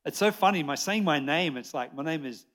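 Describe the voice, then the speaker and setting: An Australian man in his sixties preaching a lively sermon to a church congregation, chatty and jokey, rambling with restarts. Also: fairly high pitch, brisk. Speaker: pastor. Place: church service before a congregation.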